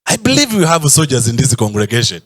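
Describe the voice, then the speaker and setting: A man's voice: medium pitch, wildly swooping pitch, fast talker, fairly bright tone. A man preaching a sermon in church, stretching out emphatic phrases and sometimes breaking into a sung tone. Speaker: pastor.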